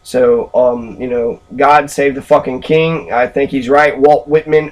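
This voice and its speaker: A man's voice: mid-range voice, steady tone, a little slow, few pauses. A man ranting about history in an angry, heavily profane way, with many filler ums. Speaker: history commentator.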